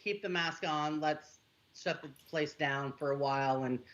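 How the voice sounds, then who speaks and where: A woman's voice: deep voice, a little slow, highs cut off. A woman joining a livestream as a guest, who explains things in a chatty, rambling way. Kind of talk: livestream chat.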